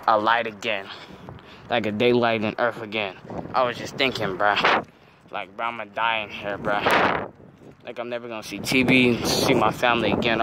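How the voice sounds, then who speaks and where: A man's voice: medium pitch, noisy background. A teenage boy telling a story in casual slang, saying "bro" after nearly every phrase, outdoors near a street.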